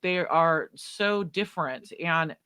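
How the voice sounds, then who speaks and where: A woman hosting a live book talk, chatting in an excitable, rambling way with many restarts. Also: sits low, slow, clear, resonant tone. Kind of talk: casual live-streamed conversation.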